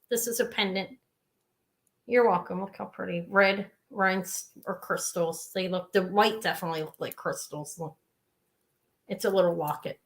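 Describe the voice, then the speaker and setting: A woman's voice: mid-range voice, a bit bright. A woman hosting a live jewelry sale, chatting casually and rambling off into side stories as she shows each piece. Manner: chatty, rambling, with frequent asides. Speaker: host selling jewelry live. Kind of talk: live sales stream chat.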